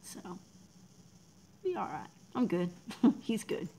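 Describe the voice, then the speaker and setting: Soft-spoken, gravelly woman livestreaming. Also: medium pitch, very animated, slow pace, slight background noise, low-quality recording. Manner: emotional, talks softly, drops to near whispers; reads out and thanks viewers in chat. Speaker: livestream host. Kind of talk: casual livestream chat.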